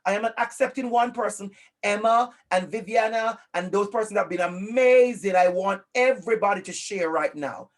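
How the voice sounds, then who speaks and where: Jamaican man, presenter on a video call, fairly high voice, upbeat and encouraging, repeats for emphasis. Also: normal speed. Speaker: workshop presenter. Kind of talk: interactive online workshop talk.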